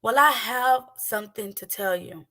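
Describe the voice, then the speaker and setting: A woman's voice: on the high side, normal speed, pushed and bright. A woman hosting a faith livestream, preaching casually and emphatically, repeating phrases and asking rhetorical questions.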